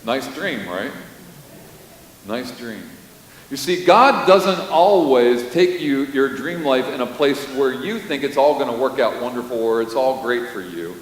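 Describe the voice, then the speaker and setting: A man's voice: mid-range voice, normal speed, few pauses. Preaching man in an echoing hall. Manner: storytelling, animated, with sudden loud bursts. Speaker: pastor. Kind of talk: sermon. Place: church sanctuary. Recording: roomy hall reverb with faint hiss.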